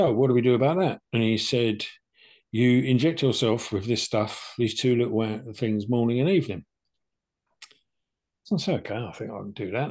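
An older man's medium-pitched voice, darkish with a breathy edge, carries a casual personal tale: how he dealt with cancer, shared as a podcast co-host. He keeps it chatty and plain-spoken, voicing both sides of the exchanges.

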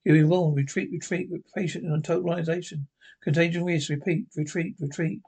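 A man's voice: fairly high pitch, steady tone, fairly quick, darkish tone, slightly rough. A man reading the part of a robot dog computer, clipped and mechanical. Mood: warning. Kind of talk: reading a script aloud.

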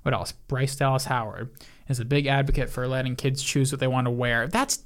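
A man's voice: medium pitch, steady tone, brisk, fairly bright tone. Male co-host, casual podcast chat, opinionated and blunt. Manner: opinionated, offers blunt takes.

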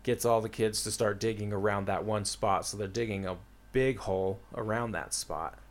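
In a steady, fairly low voice at normal speed, a young storyteller loosely recounts a book's plot. The talk is casual and meandering, peppered with "uh" and many a "like."

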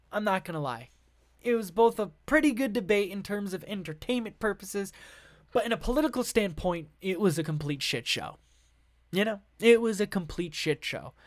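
In a clean studio recording with no room sound, a podcast host with a mid-range voice reads news articles aloud casually. He fills the reading with fillers, restarts and frank swearing, dropping offhand asides between passages.

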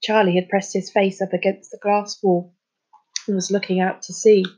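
Husky woman reading a storybook. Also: medium pitch, level tone, moderate pace, dark tone. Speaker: storybook reader. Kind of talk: scripted narration.

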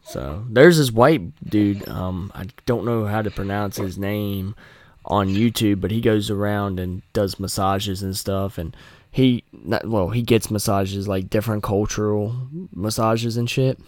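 A man's voice: on the low side, measured pace, a little mellow, a little hiss or hum. A man hosting a podcast, rambling and swearing in casual chat. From North Carolina. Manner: rambling, profane, joking. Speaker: podcast host.

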